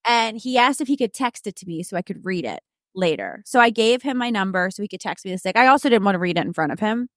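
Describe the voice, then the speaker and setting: A woman guest co-host telling a story in casual chat, animated and candid, often laughing. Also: medium pitch, quick pace, hardly any pauses, no room sound, studio quality.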